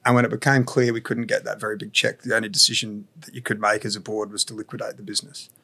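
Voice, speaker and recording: A man, a founder guest on a podcast, explaining his business story in a measured way with frequent "you know" and "like". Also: on the low side, little pitch movement, bright, forceful tone. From Australia. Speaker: entrepreneur guest. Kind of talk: reflective podcast interview.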